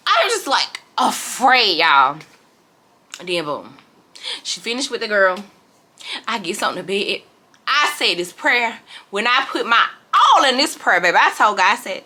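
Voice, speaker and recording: A woman's voice: fairly high pitch, sharp tone, breathy edge. A woman telling a storytime vlog in casual, dramatic chat, calling her viewers y'all. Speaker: vlogger.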